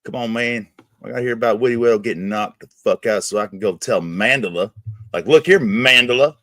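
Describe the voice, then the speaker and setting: A man's voice: on the low side, fairly quick, fairly bright tone. A man hosting a livestream, ranting crudely and swearing constantly in casual chat. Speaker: livestream host. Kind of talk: casual profane streaming rant.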